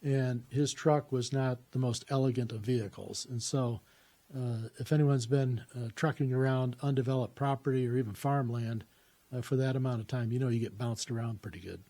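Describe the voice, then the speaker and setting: A man's voice: medium pitch, steady tone, normal speed, dark tone. A man telling a personal story in a casual, rambling way, with lots of "uh" fillers and restarts.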